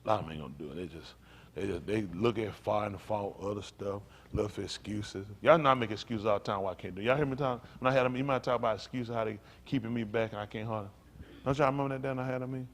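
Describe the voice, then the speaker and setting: Fast and animated, a male preacher delivers a sermon in a homespun, folksy manner and calls out to his listeners. For emphasis he jumps high and loud, then sinks back down to quiet, low lines.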